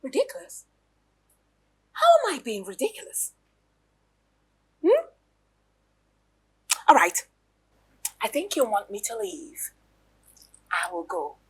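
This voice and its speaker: A Nigerian woman playing a jealous, dramatic girlfriend in a Nollywood film, loud and mocking. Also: a little high, huge pitch swings, takes it slowly, pauses often, slightly rough, heavily acted. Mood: defiant. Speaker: actress.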